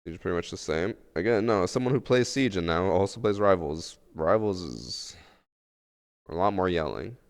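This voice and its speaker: Brief: low-voiced male streamer, gravelly edge, laid-back rambling chat, long reverb. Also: expressive, moderate pace. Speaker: game streamer. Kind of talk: casual live-stream chat.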